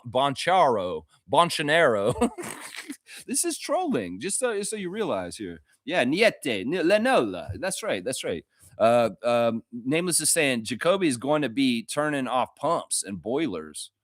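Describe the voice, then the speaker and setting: A man hosting a casual live-stream sports show for fans, reading chat comments aloud, animated and profane, laughing often. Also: on the high side, a little slow, dry recording, studio quality. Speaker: fan show host.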